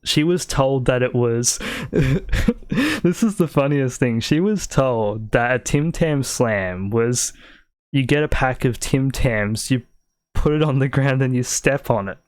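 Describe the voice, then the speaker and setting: Hosting a casual podcast, a man with an Australian accent rambles through stories and laughs often. His medium-pitched voice has lively intonation and a slow pace, captured in studio quality with no room sound.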